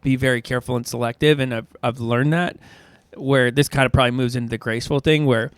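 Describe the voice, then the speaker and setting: A man co-hosting a podcast, telling animated stories in casual chat and laughing often. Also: mid-range voice, fast talker, clear, resonant tone, no room sound. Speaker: podcast co-host.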